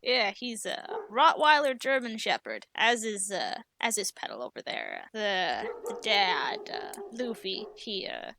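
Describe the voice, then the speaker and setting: Woman voicing a gentle hesitant dog-owner man. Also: medium pitch, wildly swooping pitch, creaky, slight background noise, exaggerated voice. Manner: hesitant, many pauses and fillers. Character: gentle, soft-spoken male dog owner.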